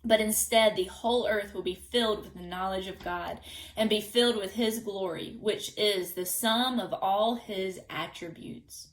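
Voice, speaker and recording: Slow, measured woman reading a devotional. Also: mid-range voice, poor audio. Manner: measured, reads scripture aloud. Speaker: devotional teacher.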